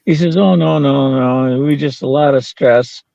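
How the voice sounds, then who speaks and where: A man's voice: medium pitch, a little slow, creaky, mellow, dry recording, muffled recording. An older man telling a story as an interview guest, quoting the people in it and laughing now and then. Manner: anecdotal, quoting others in dialogue, with laughs.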